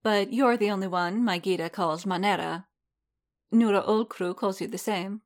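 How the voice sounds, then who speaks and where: A woman voicing a graceful alien mother with a Rillish accent, speaking in a light, musical, calm way. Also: medium pitch, normal speed, lightly acted.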